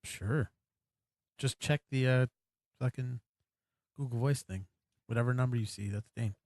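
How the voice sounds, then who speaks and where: A man with a middle-pitched voice joking and cursing freely while tasting beer on a podcast. The recording is close and dry, with no room sound. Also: measured pace, darkish tone, dry recording. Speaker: podcast co-host. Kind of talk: casual beer-tasting chat.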